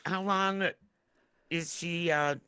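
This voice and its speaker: A woman co-hosting a podcast in casual chat, joking with quick asides. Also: lowish voice, fairly even intonation, bright, forceful tone, smooth, no room sound, clean studio sound. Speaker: podcast co-host.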